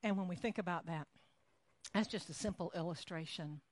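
With a lowish voice and a fairly quick pace, a female preacher works toward her point through an extended story. She talks animatedly and casually, voicing the story's characters herself. The audio is close and dry.

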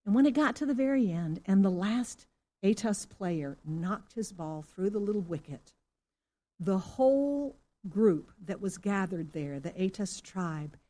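A middle-aged woman pastor from Singapore giving a sermon, telling a story and asking the congregation questions, now and then rising to loud exclamations. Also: mid-range voice, lively intonation, unhurried.

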